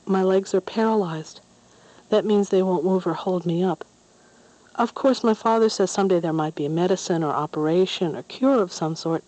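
A woman's voice: lowish voice, normal speed, dark tone, natural voice, low-quality recording. A woman voicing a curious, matter-of-fact young girl in a storybook reading. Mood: earnest.

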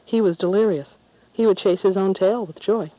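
A woman narrating a storybook in a gentle, measured way. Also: mid-range voice, dry recording, lo-fi sound. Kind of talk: storybook reading.

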